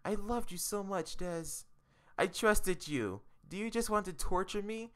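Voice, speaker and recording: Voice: medium pitch, lively intonation, a little slow, a bit bright. A streamer reading aloud as a desperate, lovestruck young female game character, pleading and remorseful, with game music behind. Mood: anguished pleading. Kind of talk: read-aloud game dialogue.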